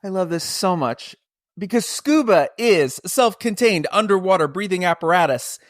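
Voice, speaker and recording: A man's voice: high-pitched, animated, normal speed, no room sound, clean studio sound. A man hosting an upbeat podcast, enthusiastic and playful as he tells stories and welcomes guests. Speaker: podcast host.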